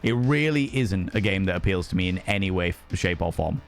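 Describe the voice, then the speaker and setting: A man's voice: low voice, lively intonation, fairly quick, faint music behind. A man casually chatting on a live stream, reading chat aloud, swearing freely and slipping into cheeky put-on voices.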